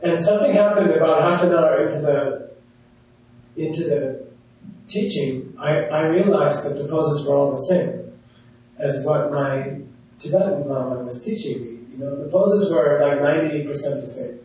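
A man's voice: fairly high pitch, normal speed, dark tone. Chatty man teaching a class, echoey hall. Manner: chatty, full of "you know" asides. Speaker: yoga teacher. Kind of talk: storytelling lecture to a class. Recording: echoey room heard from a distance.

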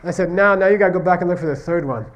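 Male Buddhist teacher, slightly high voice, chatty lecture, constant "okay?" check-ins. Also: rapid-fire, dull audio. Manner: repeatedly checks understanding with "okay?" and "you see what I mean?"; tells stories, acting out question-and-answer exchanges. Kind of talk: conversational classroom lecture.

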